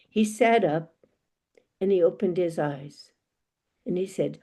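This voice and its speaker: A woman telling a folk tale aloud to a live audience, unhurried and expressive. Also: fairly low pitch. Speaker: storyteller.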